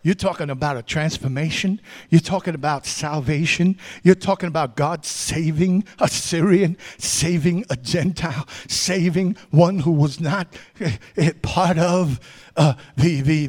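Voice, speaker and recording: Male preacher, higher-pitched, dynamic sermon delivery with hushed lows and shouted peaks. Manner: swings from hushed asides to loud shouted climaxes; calls out to the congregation.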